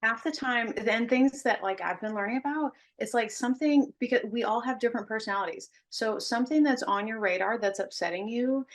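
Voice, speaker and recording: A woman co-hosting a casual podcast, giving her opinions earnestly with many "like" fillers. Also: on the high side. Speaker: podcast co-host.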